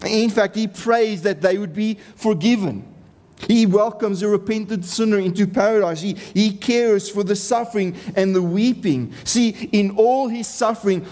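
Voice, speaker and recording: A man delivers a sermon in a slightly raised register, speaking slowly and deliberately. He presses his points with earnest, impassioned repetition. His voice carries the long reverb of a large hall. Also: high voice, darkish tone. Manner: earnest, impassioned, repeats phrases for emphasis. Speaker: preacher.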